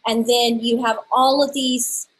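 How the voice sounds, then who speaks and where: Chatty higher-voiced woman telling her story. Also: measured pace, low-quality recording. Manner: chatty, storytelling, lively with restarts. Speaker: guest, stamp designer. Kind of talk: casual interview chat.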